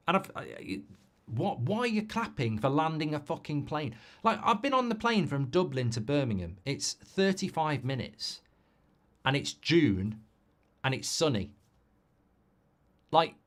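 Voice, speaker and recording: A man hosting a live football watchalong, chatting with viewers in a sweary, cynical, rambling and animated way, from England. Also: on the high side. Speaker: watchalong host.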